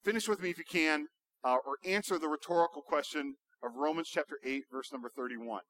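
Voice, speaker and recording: A man's voice: fairly high pitch, a little fast, a bit bright, dry recording. A man preaches in a slightly raised voice, pressing his points with emphatic rhetorical questions. The recording is dry and close, with little room sound. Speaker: pastor. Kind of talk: sermon.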